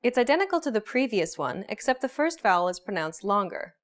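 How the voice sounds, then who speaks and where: A woman narrating a scripted pronunciation lesson with clear, measured explanations. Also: mid-range voice, big pitch swings. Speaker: pronunciation teacher.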